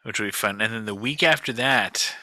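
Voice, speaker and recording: Bright-voiced joking podcast host, man. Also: lowish voice, a little fast, dry recording. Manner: jokey, rambling, swears freely. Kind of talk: casual chat.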